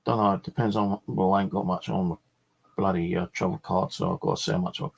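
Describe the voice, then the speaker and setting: Gravelly low-voiced man rambling. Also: very animated, fast. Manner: chatty storyteller, filler-heavy, mild swearing. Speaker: vlogger. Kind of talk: casual rambling vlog chat.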